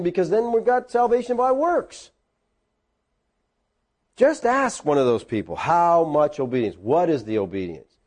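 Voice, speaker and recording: A man preaching a conversational sermon, teaching a class and putting questions to them. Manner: animated, swings between high and low pitch. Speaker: pastor.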